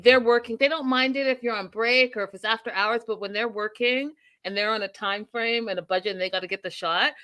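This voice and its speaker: Bright, animated woman hosting a recap. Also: a little high, brisk, few pauses. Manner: animated, acts out quotes in put-on voices, laughs often. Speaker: host. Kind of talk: casual reality TV recap chat.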